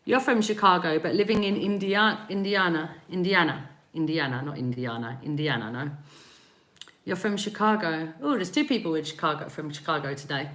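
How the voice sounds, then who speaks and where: Bright-voiced East London woman. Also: fairly low pitch, expressive, fairly quick. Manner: chatty, rambling, laughs often, repeats viewers' names. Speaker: spiritual reader and energy healer. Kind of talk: live-stream chat answering viewer comments.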